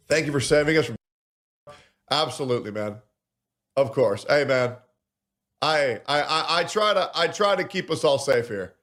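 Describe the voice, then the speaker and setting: A young adult man streaming, talking in an emotional, halting way with frequent stammered restarts. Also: medium pitch, lively intonation, a bit bright. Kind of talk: emotional live-stream monologue.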